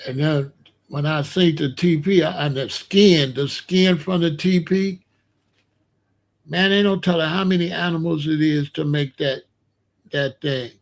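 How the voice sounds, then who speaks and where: Man, podcast host, casual storytelling, slangy and animated, somewhat high voice. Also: a little slow, vocal fry. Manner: animated, slangy, explains with gestures.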